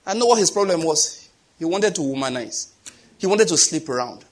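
A middle-aged Nigerian man delivers a sermon in a high, husky voice. His pitch leaps around as he plays out both sides of each story, and he often breaks into laughter at his own jokes. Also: animated, moderate pace. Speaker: pastor.

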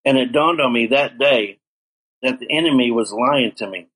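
A man's voice: mid-range voice, moderate pace, fairly bright tone, slightly rough, low-quality recording. A middle-aged man earnestly telling his life story in an interview, acting out the dialogue he quotes. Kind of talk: personal testimony in an interview.

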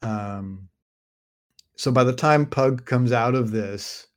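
This male podcast host has a mid-range voice and a slow delivery. Chatting casually, he rambles through a fantasy novel summary with lots of fillers and repeated restarts.

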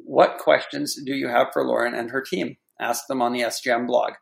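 Gravelly-voiced man, relaxed and wry. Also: medium pitch, moderate pace. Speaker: guest physician. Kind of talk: casual podcast chat.

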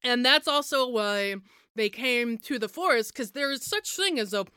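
A woman's voice: fairly high pitch, animated, normal speed, clear, resonant tone, no room sound, clean studio sound. A woman co-hosting a tabletop role-play podcast, talking playfully with stumbling restarts and bursts of yipping. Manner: playful, loud animal noises, stumbling restarts. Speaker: podcast co-host and player.

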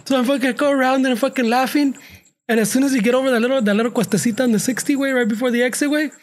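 A man's voice: extremely high pitch, steady tone, racing, slight background noise. A man telling a story in a casual podcast chat, profane and laughing, mixing English and Spanish. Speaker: podcast co-host.

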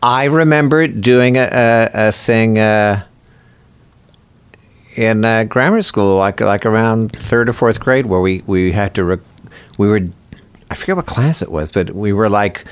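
A man speaking as a guest in a casual conversation, with a precise, measured way of talking and thoughtful, rambling sidebars. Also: lowish voice, clear, resonant tone. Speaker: guest, voice actor.

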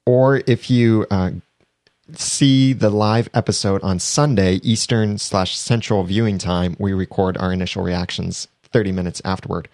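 Guy hosting a podcast, kinda low voice, chatty and laughy, dry room. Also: steady tone, unhurried, darkish tone, dry recording. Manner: chatty, laughs often, reads sponsor plugs. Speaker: podcast host. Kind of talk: casual podcast chat.

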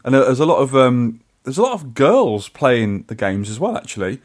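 A man's voice: medium pitch, very animated, moderate pace. A man co-hosting a podcast, chatting casually and rambling with restarts. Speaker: podcast co-host. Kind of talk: casual chat.

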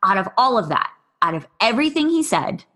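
A woman's voice: fairly high pitch, sing-song, a little fast, fairly bright tone. A woman, a podcast guest, speaking candidly and bluntly about her own hard experiences, swearing freely and quoting past conversations. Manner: raw, blunt, swears freely, quotes herself and others.

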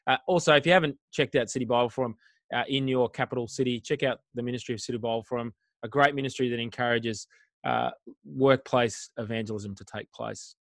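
A man's voice: medium pitch, steady tone, fairly quick, vocal fry, dry recording. Upbeat male co-host, dry close sound. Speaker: co-host presenting a resources segment. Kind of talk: casual promo segment.

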